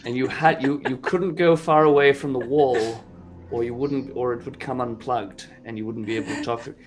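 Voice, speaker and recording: A man's voice: medium pitch, fairly even intonation, normal speed. A man playing a tabletop game, rambling and joking as he talks. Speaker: player.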